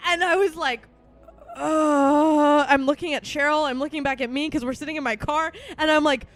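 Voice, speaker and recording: A young woman with a slightly high voice tells a story on a casual podcast. She swears freely and jumps into acted-out quotes of other people. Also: normal speed. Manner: animated, swearing, acts out quotes. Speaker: podcast host.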